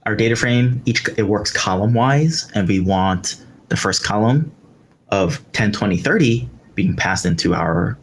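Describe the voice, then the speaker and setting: A man's voice: lowish voice, animated, measured pace, slight background noise. A man teaching a live coding tutorial, explaining step by step with fillers like "um" and "right" as he works. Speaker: instructor. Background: keyboard typing.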